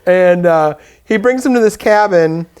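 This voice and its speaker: Casual co-host, male, recaps movie scenes with quick impressions thrown in. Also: high voice, a little mellow, smooth. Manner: retells scenes, putting on quick character voices. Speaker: podcast co-host. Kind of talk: casual movie commentary chat.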